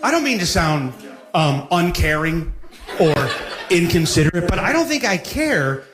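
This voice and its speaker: Man doing stand-up, slightly high voice, echoey club recording, incredulous punchlines. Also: sing-song, unhurried. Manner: incredulous, building to loud punchlines. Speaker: stand-up comedian. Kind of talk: stand-up comedy bit.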